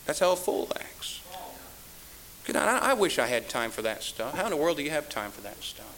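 Baptist-style man pastor, high bright voice, fiery scolding sermon, slight tape hiss. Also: sing-song, a little fast. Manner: fiery, scolding, rising to shouts.

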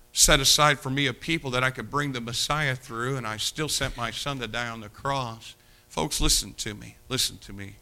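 Preacher guy, really bright forceful voice, goes from shouting to hushed and back. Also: on the high side. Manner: impassioned, swings from shouting to hushed. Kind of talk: sermon.

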